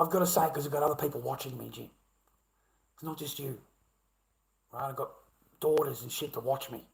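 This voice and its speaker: A man's voice: medium pitch, vocal fry. A middle-aged man with an Australian accent ranting bluntly at his live chat, swearing heavily and repeating himself. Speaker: livestreamer.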